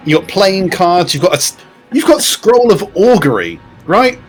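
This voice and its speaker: A man running a tabletop role-playing game as game master. His voice swings up and down in an animated way as he lays out the players' options. He explains things and jokes along as he goes, with faint music in the background. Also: high-pitched, normal speed. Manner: lively, explanatory, jokey.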